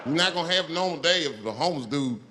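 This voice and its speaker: A male stand-up comedian telling a profane, animated story to a live audience. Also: a little high, very fast. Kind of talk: stand-up routine. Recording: live show, crowd and noise.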